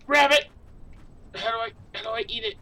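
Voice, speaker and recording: A woman's voice: fairly high pitch, little pitch movement, racing, bright, forceful tone, recorded from a distance. A woman playing a video game, chattering playfully in character as a mother animal and using doting baby talk with her young.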